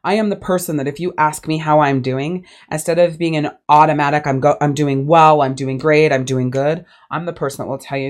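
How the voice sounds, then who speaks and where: A woman's voice: sits low, moderate pace. A woman hosting her own podcast as a life coach, talking bluntly and emphatically and swearing freely in a candid solo monologue.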